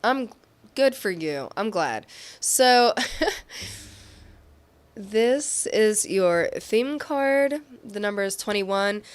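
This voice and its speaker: A woman's voice: medium pitch, smooth. Bubbly woman giving a tarot reading. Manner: bubbly and giggly, affirming. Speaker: tarot reader and medium.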